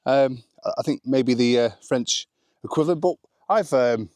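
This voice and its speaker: A man's voice: medium pitch, moderate pace, a little mellow, no echo, clean studio sound. A man vlogging casually outdoors on a rural smallholding, rambling and self-deprecating, with lots of "um" and "anyway" fillers. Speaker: vlogger sharing family life abroad. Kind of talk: casual chatty vlog.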